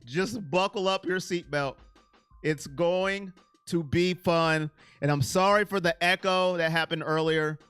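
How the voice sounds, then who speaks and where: Animated high-voiced man hosting a live stream. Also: unhurried, clear, resonant tone, no echo, soft background music. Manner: animated, reads and answers chat by name; self-described as very emotional. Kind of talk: casual live-stream sports chat.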